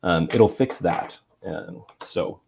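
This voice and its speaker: Deep gravelly male rules judge. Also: darkish tone. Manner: measured, explains rules deliberately. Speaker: game rules judge, guest. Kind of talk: explanatory chat.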